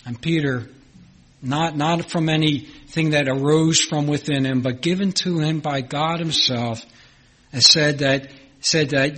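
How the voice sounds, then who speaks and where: Husky preacher with a Philadelphia accent. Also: male voice, fairly high pitch, steady tone, unhurried, bright, forceful tone, low-quality recording. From Philadelphia, United States. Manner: earnest, repeats phrases for emphasis. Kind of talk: sermon.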